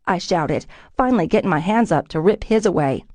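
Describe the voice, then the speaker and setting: Woman reading an audiobook, low mellow voice, steady expressive, close dry studio mic. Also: fairly quick, no echo. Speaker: audiobook narrator. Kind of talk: scripted first-person narration.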